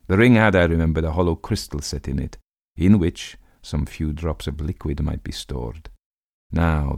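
A man's voice: a bass voice, creaky, a little mellow, breathy edge, no echo, studio quality. A man giving a dramatic reading of a classic tale, voicing the characters theatrically. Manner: theatrical, voices characters with rising intensity. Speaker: audiobook narrator.

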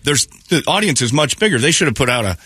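Male morning radio host, husky and forceful tone, casual banter, animated delivery. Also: mid-range voice, fast talker, no echo. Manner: animated, jumps into mocking quoted voices.

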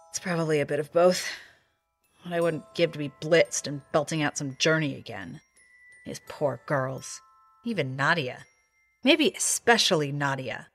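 A woman voicing a hungover, wisecracking observer with a dry, sardonic manner. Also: sits low. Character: wry, hungover woman watching over others.

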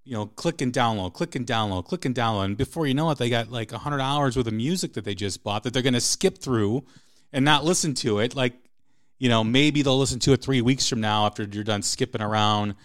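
A man's voice: medium pitch, a little fast. Reflective middle-aged man, repeating for emphasis. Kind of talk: casual conversation.

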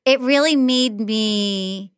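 Higher-pitched woman rambling on, swears a lot, says dude, dry close mic. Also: slow pace, clear, resonant tone, no echo. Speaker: author guest. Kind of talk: casual chat.

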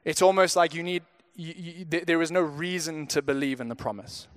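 A man's voice: on the high side, fairly even intonation, a little fast, clear, resonant tone. Stammering young man preaching a sermon. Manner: conversational, frequent stammered restarts. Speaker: pastor. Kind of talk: sermon storytelling.

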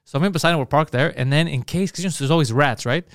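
A man's voice: fairly high pitch, racing, dry recording, studio quality. A man hosting a podcast, telling profane anecdotes in casual chat and acting out the dialogue. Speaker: podcast host.

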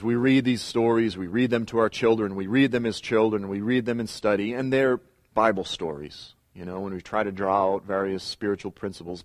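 Low-voiced man teaching a Bible lesson. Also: a little mellow, dry recording, clean studio sound. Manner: storytelling with pauses and emphatic repeats. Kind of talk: teaching lecture.

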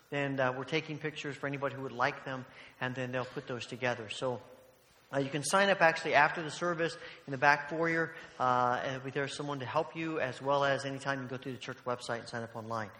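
A man, a church leader, giving relaxed, matter-of-fact announcements in a church sanctuary with frequent hesitations. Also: on the high side. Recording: bright, roomy church hall reverb.

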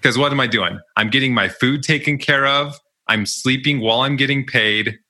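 In a casual storytelling interview, a young podcast guest recalls his college jobs, chatting easily and often laughing. He speaks at a medium pitch and normal speed, with a bright, forceful tone.

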